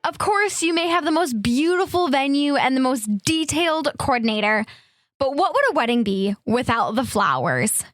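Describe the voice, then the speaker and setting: A woman's voice: high voice, sing-song, moderate pace, a bit bright. Bubbly young woman hosting a wedding show. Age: young adult. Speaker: host. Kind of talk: hosted podcast narration and interview.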